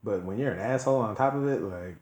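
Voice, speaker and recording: Low-voiced man chatting loosely on a podcast. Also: fast talker, a little mellow. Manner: loose, joking storytelling with slang. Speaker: podcast co-host. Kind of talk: casual chat. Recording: echoey room with faint noise.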